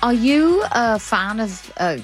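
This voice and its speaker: A woman presenting a radio arts programme, moving briskly between playful questions and scripted introductions. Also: fairly high pitch, animated, soft background music. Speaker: radio host.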